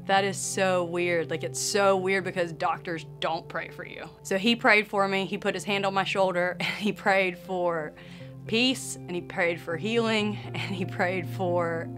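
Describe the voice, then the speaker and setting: A woman tells her personal faith testimony in a slightly low voice, earnest and emotional throughout. Soft laughs slip in between her phrases. Faint music plays quietly behind her. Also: steady tone, measured pace. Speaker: speaker sharing a personal testimony.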